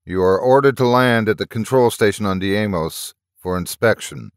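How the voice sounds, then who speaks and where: A man voicing a stern male loudspeaker announcer giving formal orders in a story reading. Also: lowish voice, moderate pace, smooth, no room sound, clean studio sound, lightly acted.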